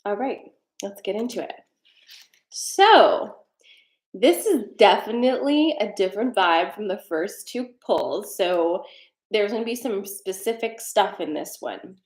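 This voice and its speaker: A woman's voice: mid-range voice, animated, normal speed, darkish tone, echoey room. Chatty woman reading tarot cards live. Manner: chatty and rambling, with frequent fillers and laughs. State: slightly out of breath. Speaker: tarot card reader hosting a live stream. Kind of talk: casual live-stream card reading. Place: home desk with a treadmill.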